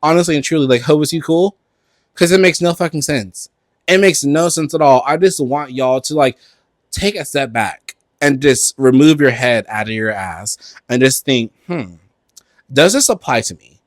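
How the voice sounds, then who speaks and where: A man's voice: mid-range voice, moderate pace, no echo. A man, co-hosting a podcast in a casual, profane, campy rant. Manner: animated, profane, campy, switches into mocking voices. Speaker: podcast co-host.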